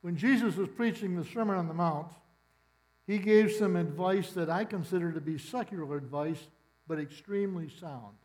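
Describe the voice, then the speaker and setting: A man's voice: high voice, normal speed, a little mellow, rough recording. A middle-aged man preaching a sermon in a church, conversational and storytelling with dry humor. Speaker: pastor. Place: church sanctuary.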